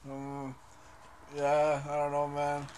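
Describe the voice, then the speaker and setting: A man's voice: fairly high pitch, completely flat delivery, slow pace, darkish tone, a little hiss or hum. A young man co-hosting a podcast in casual chat, rambling and profane, hesitating with lots of fillers. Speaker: podcast co-host.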